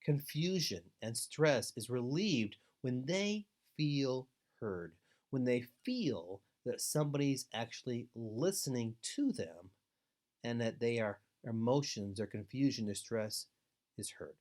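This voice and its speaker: A man giving an instructional webinar talk to foster parents, earnest and deliberate, with steady advising emphasis. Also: medium pitch. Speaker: foster care trainer.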